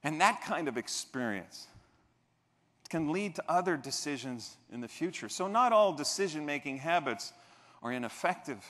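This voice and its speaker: Animated man giving a keynote speech. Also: fairly high pitch, normal speed. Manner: animated, jokey, playful asides to the audience. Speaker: keynote speaker. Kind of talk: motivational keynote with humorous storytelling. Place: large convention hall stage. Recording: echoey convention hall.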